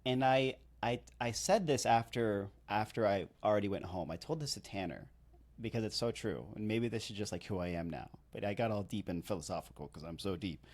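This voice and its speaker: Thirtysomething guy telling a podcast story, kinda low voice, rambly and self-deprecating, says like a lot. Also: fairly quick, a little mellow. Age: 30s. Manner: rambling, chatty, self-deprecating, heavy use of "like". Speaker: podcast co-host and wedding videographer.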